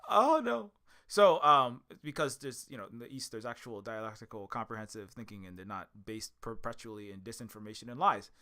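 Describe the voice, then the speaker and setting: Rambling bright-voiced male commentator. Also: lowish voice, clear, resonant tone. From Hawaii. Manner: rapid, rambling, many fillers and restarts. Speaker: video commentator.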